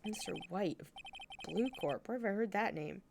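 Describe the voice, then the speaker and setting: A woman's voice: medium pitch, normal speed, vocal fry, darkish tone, slight background noise, natural voice. Woman reading as an earnest young defense lawyer. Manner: earnest, determined, reading dialogue aloud.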